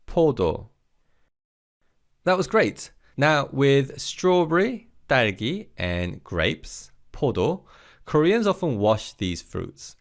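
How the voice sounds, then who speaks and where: A man teaching a recorded vocabulary lesson, leading slow repeat-after-me drills and praising the learner between words. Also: lowish voice. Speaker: language teacher.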